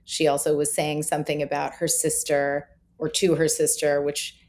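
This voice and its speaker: A woman's voice: low voice, little pitch movement, moderate pace, a little mellow. A woman in her forties, a parenting expert, chatting candidly and with self-deprecating humor in a podcast conversation.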